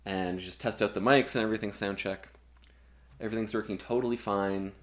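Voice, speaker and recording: A man's voice: lowish voice, steady tone, brisk, a bit bright. A young man telling a long, profane anecdote in a casual chat, full of fillers and asides. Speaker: guest musician.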